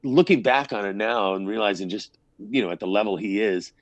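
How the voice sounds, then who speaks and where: A man's voice: fairly low pitch, fairly quick, no room sound, highs cut off. A man, a band frontman, telling stories in a casual interview, rambling and swearing freely. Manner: rambling storyteller, swears freely, acts out quotes.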